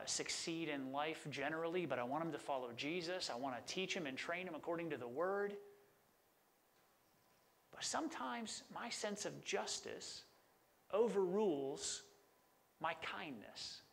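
A man's voice: on the high side, creaky, fairly bright tone. A middle-aged man preaching a sermon as a pastor, conversational and enthusiastic about word meanings.

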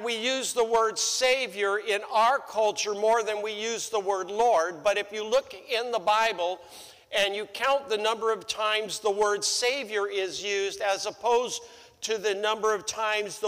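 A male pastor preaches a sermon in a church sanctuary, his voice sitting high and a bit bright, with fairly even intonation and an unhurried pace. He repeats phrases for emphasis and rises sharply when acting out quotes, all under the long reverb of a church hall.

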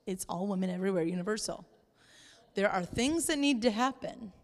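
A woman pastor preaching a sermon in church, lively and playful, sometimes acting out exasperated voices. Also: mid-range voice, a little fast, big-room sound. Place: church sanctuary.

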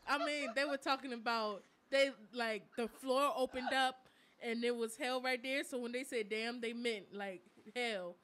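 Young woman chatting on a live stream, high bright voice, lots of slang, faint noise behind. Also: steady tone, measured pace. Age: young adult. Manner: chatty storyteller with frequent laughter and slang. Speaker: co-host of a live chat stream. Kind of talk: casual chat.

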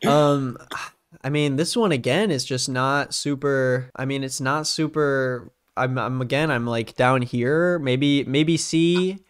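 A man's voice: medium pitch, slow pace, clear, resonant tone. A male host in casual chat, rambling and hedging with frequent restarts. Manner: rambling, hedging, self-interrupting.

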